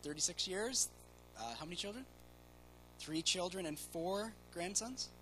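A man's voice: high-pitched, expressive, a little slow, bright, forceful tone, a little hiss or hum, poor audio. A man in church introducing the guest preacher, a little hesitant. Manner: hesitant, with fillers. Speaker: church member introducing the speaker. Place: church sanctuary.

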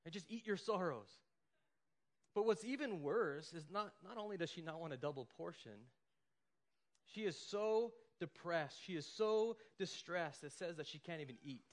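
A man's voice: fairly high pitch, expressive, normal speed. A man preaching a sermon in a conversational way, often asking "right?" and acting out the people in the story. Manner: conversational preaching, acts out quoted lines, frequent "right?" and "like". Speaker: pastor.

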